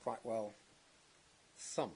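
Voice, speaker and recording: A man cross-examining a witness at a planning inquiry, measured and halting, with many restarts and tag questions. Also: a little mellow, slight background noise. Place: public inquiry hearing.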